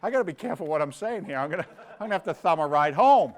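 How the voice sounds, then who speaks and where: A man hosting a fundraising gala, energetic and joking, rambling as he pushes for donations. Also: on the high side, quick pace. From London. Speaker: gala emcee. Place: virtual event, live stream.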